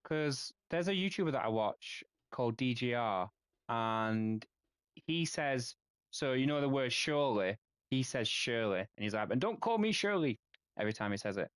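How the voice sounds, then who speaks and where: A man with a Yorkshire accent chatting casually with viewers while streaming a game, friendly and quick to laugh, stumbling over names. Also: mid-range voice, fairly bright tone, clear, resonant tone, no echo, studio quality.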